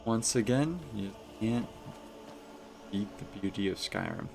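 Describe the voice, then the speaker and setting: A man's voice: on the low side, a little slow, gravelly, noisy background. A man with a stuffy, congested voice, chatting casually to his viewers while he plays and comments on a game live. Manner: chatty, addresses chat. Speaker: streamer.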